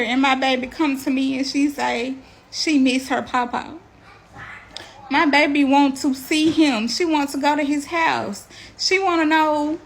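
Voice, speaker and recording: A slow-speaking, high-voiced woman telling a painful personal story in a storytime video. She talks haltingly, repeats herself and sounds close to tears. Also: a bit bright. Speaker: mother telling her story. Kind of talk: emotional storytime.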